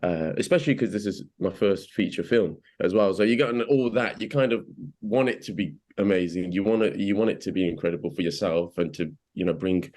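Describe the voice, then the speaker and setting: Deep-voiced English man, chatty and halting. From England. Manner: hesitant, many restarts and fillers, animated when quoting. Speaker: actor being interviewed. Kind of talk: casual interview chat.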